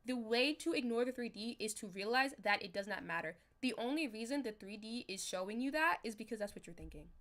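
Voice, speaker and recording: A young woman chatting casually on a livestream as a manifestation coach, talking straight to her viewers in a loose, animated way. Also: fairly high pitch, fairly quick, few pauses. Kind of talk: casual livestream talk to chat.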